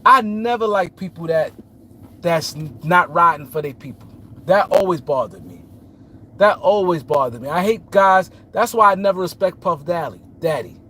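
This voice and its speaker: Animated high-voiced New man. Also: a little hiss or hum. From New York City. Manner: animated, repeats himself, greets chat viewers by name. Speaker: show host. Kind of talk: casual sports commentary livestream.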